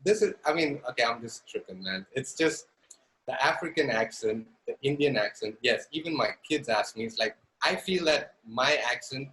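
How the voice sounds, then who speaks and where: A man with a Zambian English accent answers interview questions in relaxed, casual talk. He speaks at a middling pitch and sprinkles in "man" and "you know". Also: moderate pace, low-quality recording. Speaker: podcast guest.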